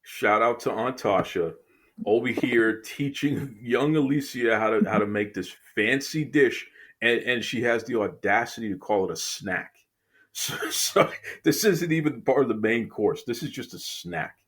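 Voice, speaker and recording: A man's voice: mid-range voice, a little slow, a bit bright, slightly rough. A man from Boston hosting a casual interview, teasing his guest playfully and often repeating words as he starts a sentence. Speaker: podcast host.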